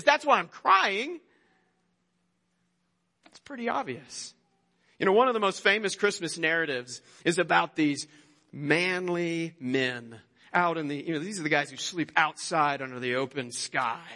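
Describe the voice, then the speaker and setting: A man preaching a sermon, retelling a Bible story with animated storytelling and acted-out quotes. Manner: animated storytelling, acts out quotes with rising pitch. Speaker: pastor.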